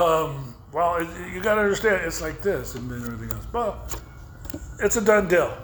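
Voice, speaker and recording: A man's voice: fairly high pitch, expressive, moderate pace, fairly bright tone. A middle-aged man from the United States telling his recovery story in plain, rambling talk and acting out the voices he quotes. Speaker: speaker sharing a recovery story. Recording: echoey room with faint noise.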